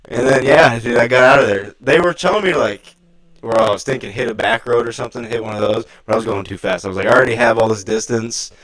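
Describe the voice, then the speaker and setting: A young man, a guest in a casual chat, telling animated stories with laughing and swearing. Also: mid-range voice, fast talker, rough recording. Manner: animated, laughing, swearing, raises his voice when quoting himself.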